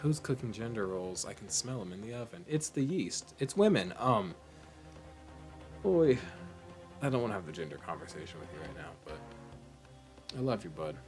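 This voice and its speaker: A man's voice: fairly low pitch, normal speed, pauses often, soft background music. A man hosting a let's play, giving goofy, rambling commentary as he plays a game. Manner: animated, goofy, rambling asides. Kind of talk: casual gaming commentary.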